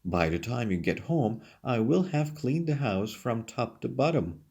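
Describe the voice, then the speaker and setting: A man's voice: mid-range voice, animated, a little slow, darkish tone, slightly rough. A man teaching English, reading questions and answers from a textbook lesson aloud. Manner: reads questions then answers them aloud.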